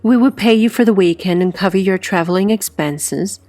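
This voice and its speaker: A woman's voice: medium pitch, normal speed, dark tone, no echo, soft background music, close to an everyday voice. A woman voicing a polite, well-spoken wealthy woman with a posh accent, read as a storybook character. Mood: gracious.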